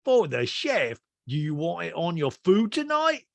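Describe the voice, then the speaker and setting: A man voicing a pompous, lewd older man, with a drawn-out, leering delivery. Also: fairly high pitch, huge pitch swings, creaky, dry recording, pitched above the performer's own voice, exaggerated voice. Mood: smarmy.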